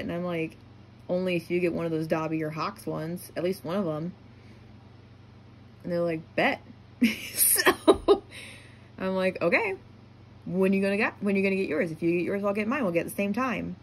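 A young adult vlogger telling a story casually, full of "like" fillers and turning giddy when excited. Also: female voice, medium pitch, a little hiss or hum.

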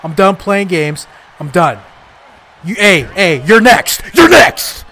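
A young man with a high, bright voice narrates his own gameplay live. His pitch swings widely as he gets worked up, shouting and trash-talking at the screen in frustration. A faint hiss sits under the recording. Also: expressive, slow. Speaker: gaming YouTuber.

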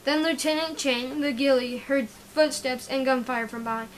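A woman's voice: high-pitched, fairly even intonation, slight background noise, rough recording. A woman reading her own action story aloud, stumbling and correcting herself often. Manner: halting, often restarting and correcting words. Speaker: story reader.

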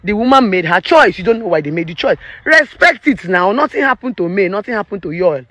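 A woman's voice: mid-range voice, expressive, brisk, fairly bright tone, dry recording. A woman in her thirties with a Nigerian accent, a relationship therapist giving her opinions in a preachy, emphatic vlog rant. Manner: emphatic and preachy, slipping into Pidgin.

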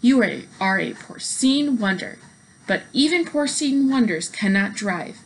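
A woman voicing an earnest, fussy older gentleman who speaks properly and emphatically in a storybook reading. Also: fairly high pitch, lively intonation, unhurried, slight background noise, rough recording.

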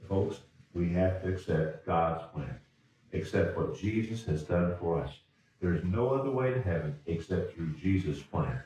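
A man preaches a sermon in a church sanctuary in a deep, animated, mellow voice at a measured pace. His folksy style has him repeating and restarting words and chuckling, and the off-mic recording sounds roomy, with a little hiss or hum.

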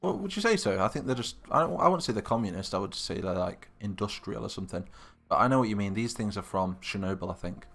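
A man's voice: on the low side, lively intonation, quick pace, gravelly, few pauses, fairly bright tone, faint music behind. A young British man live-streaming, chatting casually and thinking aloud while answering viewers' comments. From Britain.

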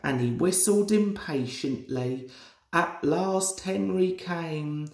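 A young man in his twenties reading a children's storybook aloud as a storyteller. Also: a little high. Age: 20s. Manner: slow, lively storybook reading. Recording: roomy echoey room.

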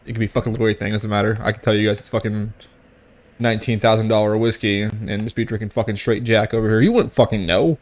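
Profane, tipsy young gaming commentator. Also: male voice, lowish voice, steady tone, fast. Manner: profane, joking, outbursts at the game. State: tipsy from whiskey. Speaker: gaming streamer. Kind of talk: casual gameplay commentary.

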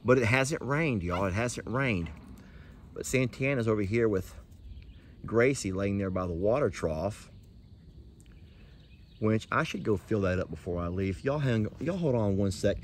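A man, a ranch vlogger chatting folksily to the camera outdoors in a hot pasture, sometimes hushing and sometimes cooing at his animals. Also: on the low side, expressive, a little slow, long pauses, slight background noise. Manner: chatty and folksy, shifts between loud and hushed, coos at animals. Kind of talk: casual vlog talk to camera.

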